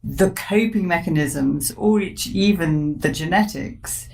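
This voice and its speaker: Low-voiced woman, measured and thoughtful. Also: creaky, darkish tone. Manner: thoughtful, measured, laughs easily. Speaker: psychotherapist and author guest. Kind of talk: warm reflective conversation.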